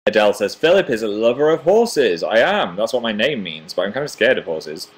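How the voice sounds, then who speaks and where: A man's voice: fairly low pitch, very animated, fairly quick, slightly rough. Chatty young man reading live comments. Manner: chatty, self-deprecating, reads viewer comments aloud. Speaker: livestream host. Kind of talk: casual livestream chat reading comments.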